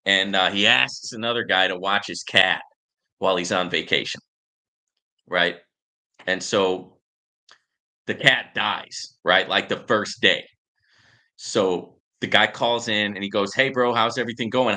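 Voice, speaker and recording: A man's voice: low voice, steady tone, takes it slowly, long pauses, bright, forceful tone. A man hosting a casual livestream and answering viewer comments. He rambles and tags his points with "right?" and filler words. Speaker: livestream host.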